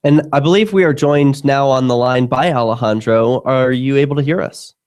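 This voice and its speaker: A man's voice: mid-range voice, normal speed, a little mellow, clean tone. A man hosting a talk radio show, introducing a video and a guest, then summarizing what the guest says.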